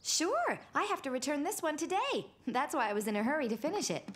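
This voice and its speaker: A woman voicing a patient, gentle young mother in a cartoon. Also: high voice, big pitch swings, a little fast, over loud music. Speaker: mother character. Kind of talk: cartoon voice acting.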